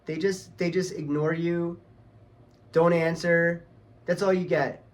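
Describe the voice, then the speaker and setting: A man's voice: fairly high pitch, flat delivery, slow. A man ranting heatedly on his vlog, swearing a lot and talking in a casual, angry way. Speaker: vlogger.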